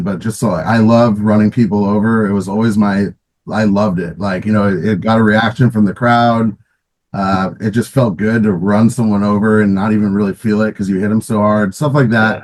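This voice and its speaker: Middle-aged man, lowish voice, rambling storyteller, lots of fillers and restarts, casual interview guest. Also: darkish tone, rough recording. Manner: rambling, many restarts and fillers, laughs often. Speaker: guest, former pro roller hockey player.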